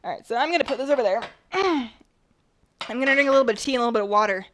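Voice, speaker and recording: A woman chatting casually while she bakes on a stream, rambling a bit, her voice slightly rough at the tail end of a cold. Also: fairly high pitch, expressive, racing, a little hiss or hum. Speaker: baking streamer. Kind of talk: casual chat while baking.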